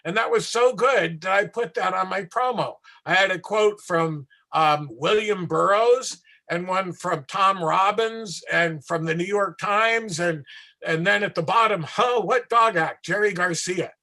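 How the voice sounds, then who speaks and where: Male street performer, storyteller, high and bright, animated with asides. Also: measured pace, creaky. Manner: animated, acts out voices, trails into asides. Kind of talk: anecdotal storytelling in an interview.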